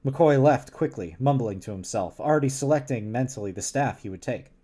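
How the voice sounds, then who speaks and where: A man's voice: mid-range voice, expressive, brisk, warm tone. A man streaming a casual read-along of a novel, laughing often and stumbling over words. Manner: giggly, stumbles and restarts often. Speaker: streamer reading a novel aloud.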